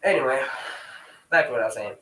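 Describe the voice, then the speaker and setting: A man's voice: medium pitch, animated, fast talker, pushed and bright, far from the mic. A young man telling a rambling personal story in casual vlog style, swearing freely and breaking off to scold his dog. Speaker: vlogger. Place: room at home with dogs. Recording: echoey room.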